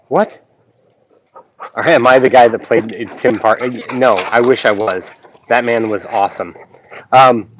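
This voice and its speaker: A man hosting a casual live stream, rambling and full of ums as he greets viewers. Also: on the low side. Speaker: YouTube reaction channel host. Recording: dull lo-fi sound with faint noise.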